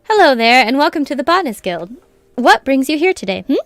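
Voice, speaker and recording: A woman's voice: high voice, sing-song, brisk, a bit bright, dry recording, pitched above the performer's own voice. A woman reading as a long-winded guild lecturer. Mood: lecturing. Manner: chatty, lecturing reading of game dialogue. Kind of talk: reading game dialogue aloud.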